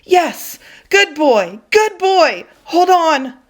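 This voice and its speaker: A frightened young boy cries out to his dog in a sharply raised voice, high and pleading, as a woman reading aloud puts him on. The calls jump well above her usual storytelling pitch and come out loud and straining. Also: very animated, very slow, full character voice. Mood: panicked.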